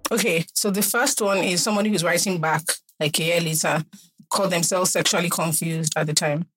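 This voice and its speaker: A woman co-hosting a casual podcast chat, animated and laughing, sometimes mimicking baby talk. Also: lowish voice, brisk, faint music behind. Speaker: podcast co-host.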